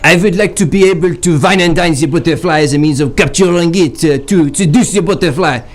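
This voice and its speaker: A man playing a haughty male French butterfly collector in a put-on French accent, with overblown, halting phrasing, for an improv comedy stream. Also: a little high, close to an everyday voice. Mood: grandiose. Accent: mock French.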